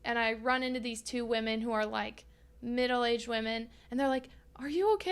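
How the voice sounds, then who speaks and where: A young woman hosts a solo podcast and tells a personal story in a raw, unfiltered way, swearing freely and acting out what people said back then. Her voice sits a little high and sounds smooth and clear. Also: normal speed. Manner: candid and profane, reenacting her own past dialogue. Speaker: podcast host.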